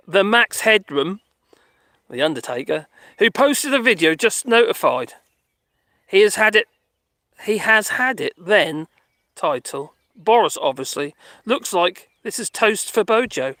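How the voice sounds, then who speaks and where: A vlogger live streams while walking his dogs, chatting casually and rambling, reading viewer comments aloud and talking to the dogs. His high voice sounds pushed and bright, with no echo.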